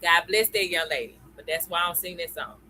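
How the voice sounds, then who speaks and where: Bright-voiced woman teaching on a live stream. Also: on the low side, very animated, normal speed, slight background noise, rough recording. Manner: chatty, greets viewers by name, tags lines with "okay?" and "y'all". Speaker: crypto educator hosting a live stream. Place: at home computer.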